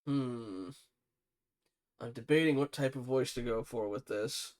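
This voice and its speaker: A man streaming a video game, talking to himself in quiet, casual asides as he plays. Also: mid-range voice, measured pace. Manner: mutters to himself while playing, quiet asides. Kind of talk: casual let's-play commentary.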